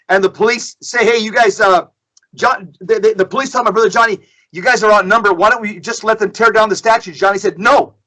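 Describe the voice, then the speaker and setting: Middle-aged male guest storyteller, high and bright, emphatic, repeats phrases. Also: poor audio. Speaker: guest speaker. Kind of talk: storytelling in a podcast discussion.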